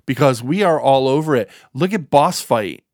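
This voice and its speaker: A man with a mid-pitched voice co-hosts a casual podcast, recorded dry on a close mic. He eagerly cuts in with agreements and new ideas. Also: expressive, moderate pace, a little mellow, dry recording. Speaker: podcast co-host. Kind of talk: casual chat.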